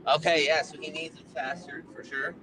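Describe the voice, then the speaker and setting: A man's voice: fairly high pitch, little pitch movement, normal speed, pushed and bright, a little hiss or hum. A man guest on a phone call from his car while driving, chatting loosely about plants with lots of filler words. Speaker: seed breeder guest. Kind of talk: casual interview chat.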